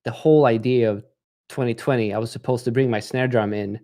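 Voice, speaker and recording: A man's voice: medium pitch, steady tone, brisk, mellow. A man hosting a live stream, presenting casually with lots of ums and restarts. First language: not English. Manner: rambling, many fillers, laughs easily. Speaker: livestream host.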